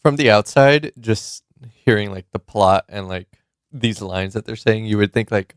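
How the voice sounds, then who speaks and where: A man on a podcast talking casually and softly about a movie. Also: on the low side, moderate pace, smooth, dry recording, studio quality. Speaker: podcast co-host.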